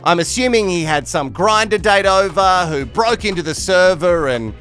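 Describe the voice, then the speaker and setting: A man's voice: sits high, lively intonation, measured pace, hardly any pauses, fairly bright tone, soft background music. Camp, chatty Australian man hosting a recap. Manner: camp, chatty and teasing, laughs often. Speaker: recap show host. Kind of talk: comedic reality TV recap.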